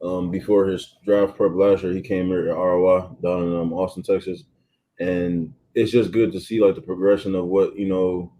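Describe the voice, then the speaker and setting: A young man in his twenties, a college football player, giving relaxed interview answers full of ums and you-knows. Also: low voice, normal speed, muffled recording, slight background noise. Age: 20s. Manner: laid-back, many ums and you-knows. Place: athletes' training facility.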